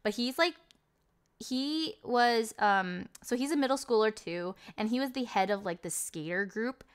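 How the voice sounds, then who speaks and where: On the high side and smooth, with lively intonation and an unhurried pace, a young adult woman streamer chats casually about a movie she watched. Her long recap wanders, incredulous and packed with fillers.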